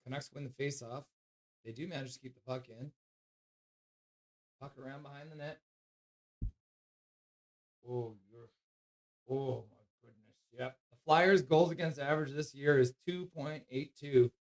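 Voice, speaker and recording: A man hosting a live hockey stream, calling the play, reading chat and cooing at his dog in soft baby talk. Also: mid-range voice, steady tone, unhurried, pauses often. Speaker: streamer host.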